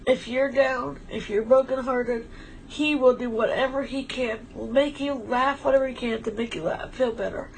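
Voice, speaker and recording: A woman's voice: a little high, steady tone, normal speed, creaky, slight background noise, low-quality recording. A woman talking in a casual, heartfelt way on a stream, emotional and rambling as she thanks a friend. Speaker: livestream co-host.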